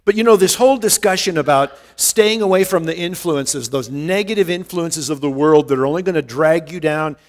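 A male pastor giving an earnest verse-by-verse Bible teaching, rising in pitch and volume to stress a point and often restarting his words. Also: normal speed, few pauses. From United States. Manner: rises in pitch and volume for emphasis.

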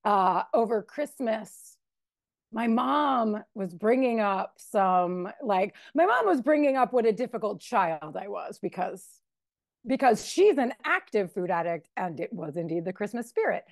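A woman in her forties telling her recovery story at a twelve-step meeting, candid, animated and emotional. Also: medium pitch, a little slow, dry recording, clean studio sound. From Chicago area. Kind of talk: personal share at a recovery meeting.

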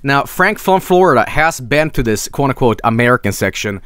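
A man's voice: medium pitch, sing-song, moderate pace, a bit bright, smooth, no echo, clean studio sound. A man from Sweden, hosting a casual snack review stream, enthusiastic and rambling, swearing freely. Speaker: streamer host.

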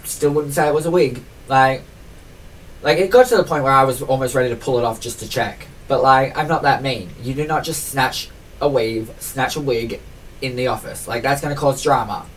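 A man's voice: medium pitch, normal speed, distant mic, a little hiss or hum, poor audio. A man in his twenties ranting in a chatty vlog, rambling with constant fillers and mocking himself. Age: 20s. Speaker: vlogger.

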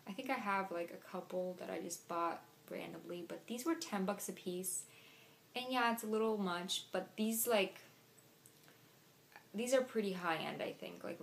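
A woman's voice: medium pitch, vocal fry, a little hiss or hum. A young woman chatting casually through a shopping haul, talking to camera with lots of "like" and "um". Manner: chatty, filler-heavy. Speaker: vlogger.

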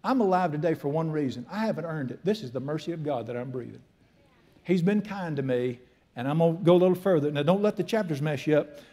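A man's voice: fairly high pitch, expressive, fast talker, dark tone. Folksy preacher in his sixties. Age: 60s. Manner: folksy, storytelling, emphatic preaching with humor. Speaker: pastor. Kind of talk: sermon.

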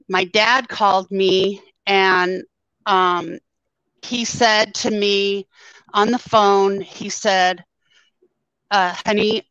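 A woman guest telling a personal story in a halting way, full of ums, her voice scratchy after surgery. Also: mid-range voice, pushed and bright, dry recording. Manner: halting, with many ums and pauses. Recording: dull, lo-fi sound.

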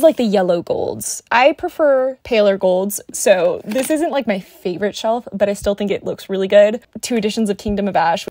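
A woman's voice: medium pitch, darkish tone, no room sound. A young woman giving a casual, chatty tour of her bookshelves at home, gushing and rambling as she goes. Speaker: book vlogger. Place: home bookshelf room, Las Vegas.

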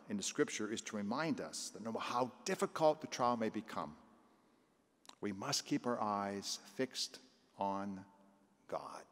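Older priest giving a sunday sermon, chatty, voice ringing around a big church. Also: male voice, lowish voice. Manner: conversational preaching, acting out scripture voices. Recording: long church reverb.

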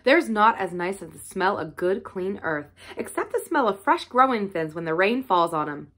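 A woman's voice: mid-range voice, sing-song, moderate pace, a bit bright. A woman voicing a cheerful twelve-year-old moorland boy with a broad Yorkshire dialect and an easygoing, earthy manner.

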